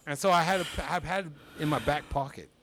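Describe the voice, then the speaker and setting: This is a fast-talking young man with a somewhat high voice, captured in a dry recording. A comedian on a podcast, he spins stories casually, lively and often breaking into laughter.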